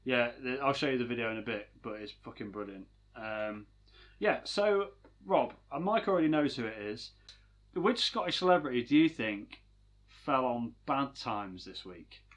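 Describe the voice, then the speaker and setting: A man co-hosting a casual chat podcast, jokey and quick to laugh. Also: medium pitch, animated. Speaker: podcast co-host.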